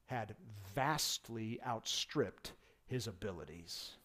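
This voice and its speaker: A man preaching a sermon with emphatic delivery, swelling his voice for stress and dropping it low for asides. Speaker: pastor.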